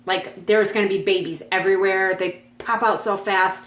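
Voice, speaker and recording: A woman's voice: fairly even intonation, moderate pace, fairly bright tone. Rambling woman vlogging in an echoey room. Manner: rambling, with many ums and restarts; pitches up sharply when calling her dogs. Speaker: cross-stitch vlogger. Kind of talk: casual chatty vlog. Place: at home, dogs nearby.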